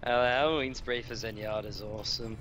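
A man's voice: mid-range voice, fast. A man playing along as a teammate, chatting casually and asking curious questions about the game. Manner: curious, relaxed, asks questions. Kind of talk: casual gaming chat.

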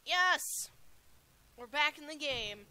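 A woman commentating her own gameplay live, excitably shouting spell names and taunts at opponents. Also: sits high, slow pace, a little hiss or hum. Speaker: gaming channel host.

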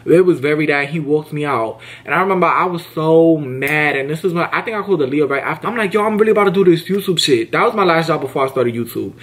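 Animated young man telling a story. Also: a little high. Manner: animated, quick-talking, acts out quoted dialogue. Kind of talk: casual storytime monologue.

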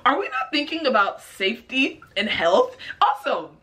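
Female reaction host, fairly high and animated, rambling and incredulous. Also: moderate pace. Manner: exasperated, rambling, incredulous questions. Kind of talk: casual commentary.

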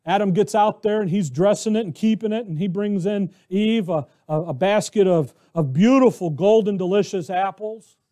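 An American man preaching a conversational, animated sermon who acts out the voices of biblical characters. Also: high-pitched, normal speed. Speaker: pastor.

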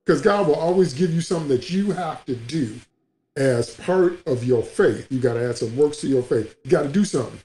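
A man's voice: fairly high pitch, animated, a little fast, dark tone, roomy sound. A man preaching a sermon as a pastor, emphatic and repetitive, in a livestream broadcast.

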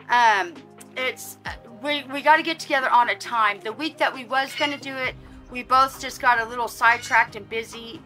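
A woman's voice: high voice, bright, forceful tone. A woman vlogger chatting casually outdoors while unboxing gifts, gushing and exclamatory with lots of fillers, at times teary. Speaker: vlogger running a reborn doll channel. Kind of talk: casual happy mail unboxing.

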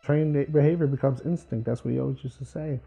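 Gravelly man telling his story. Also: mid-range voice, fairly quick, faint music behind, rough recording. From New Jersey. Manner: acts out quoted people with lively voices. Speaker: former college football player. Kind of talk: reflective personal storytelling.

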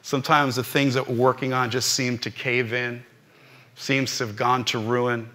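This rabbi-pastor speaks at a medium pitch and ordinary pace. He's recounting something from his own life in a live church service, and his preaching swells with animated, rising peaks.

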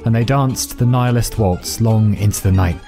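A man narrating a fairy tale in a measured, dramatic reading. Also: lowish voice, gravelly, music in the background. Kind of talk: storytelling narration.

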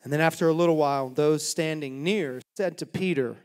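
A man's voice: a little high, a little fast, few pauses, darkish tone. A male pastor preaching a sermon in a church, telling a story in a dramatic, folksy way. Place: church sanctuary. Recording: long reverb of a church hall.

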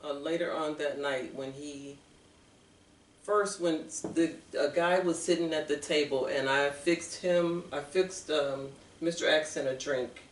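A woman as an interview guest, telling her personal story in an earnest, halting way with restarts. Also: deep voice, steady tone, a little hiss or hum. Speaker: guest author. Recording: echoey room, mic far off.

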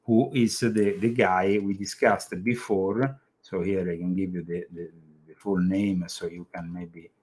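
A man's voice: low-pitched, fairly even intonation, unhurried, darkish tone. A man with an Italian accent co-hosting a casual talk about an occult book, explaining with many fillers and restarts. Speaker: co-host.

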